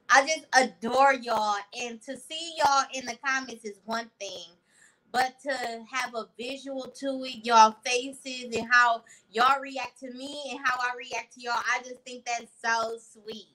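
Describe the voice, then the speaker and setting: A woman hosting a casual livestream, talking in an effusive, slangy and animated way while answering her viewers' comments. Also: a little high, poor audio. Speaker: livestream host. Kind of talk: casual live-stream chat with viewers.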